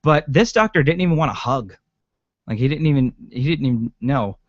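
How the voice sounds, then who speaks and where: A man's voice: medium pitch, animated, brisk, no echo. A man co-hosting a casual podcast chat about a TV episode, rambling with lots of ums and swearing. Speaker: podcast co-host. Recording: dry, dull lo-fi sound.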